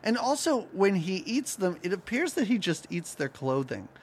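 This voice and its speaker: A man's voice: sits high, normal speed. A man co-hosting a podcast in casual chat, laughing often and acting out scenes as he recaps a cartoon. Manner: animated, laughs often, acts out lines from the cartoon. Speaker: podcast co-host.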